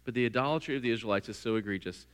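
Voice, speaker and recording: A middle-aged man, preaching a sermon in a church and telling stories with lively, acted-out voices. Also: medium pitch, racing, clean tone. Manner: lively storytelling, acts out voices. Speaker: pastor. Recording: long hall reverb.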